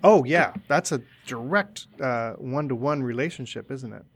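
A man's voice: mid-range voice, normal speed, breathy edge. A man co-hosting a casual podcast, talking hesitantly with frequent restarts and agreeable responses. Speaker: podcast co-host.

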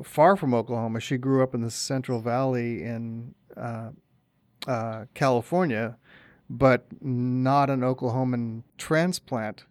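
A man co-hosting a podcast, chatting casually in a halting way with many uhs and restarts. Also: medium pitch, no room sound. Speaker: podcast co-host. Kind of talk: casual chat.

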